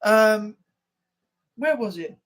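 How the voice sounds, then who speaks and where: A man's voice: high-pitched, expressive, extremely slow, a bit bright. A man with an English accent hosting a casual live chat, telling stories in a rambling, blunt way.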